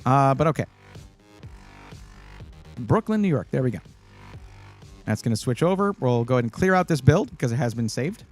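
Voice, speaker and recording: Lively, animated male stream host. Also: medium pitch, fast talker, faint music behind. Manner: chatty and animated, many fillers, bursts of excitement. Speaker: livestream host giving PC buying advice. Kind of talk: casual live-stream chat.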